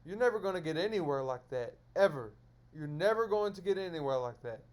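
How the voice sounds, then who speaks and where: A man's voice: on the high side, animated, fast talker. A man lecturing his viewers in a solo stream monologue, scolding them over and over in repetitive phrases.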